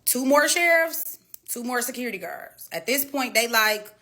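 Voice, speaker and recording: A woman's voice: high voice, moderate pace. A woman casually telling her side of a story to camera, swearing freely and acting out what people said. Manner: animated, profane, acts out quotes.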